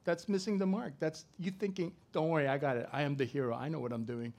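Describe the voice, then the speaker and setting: Animated man preaching a sermon. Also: on the high side, fast talker. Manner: animated preaching with swings from loud to soft. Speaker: pastor.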